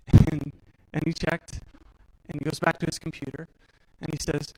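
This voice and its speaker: A man's voice: fairly high pitch, little pitch movement, fairly quick, darkish tone, rough recording. A man in his late twenties or thirties telling his own survival story on stage, candid and self-deprecating, acting out the dialogue. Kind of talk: personal storytelling talk on stage.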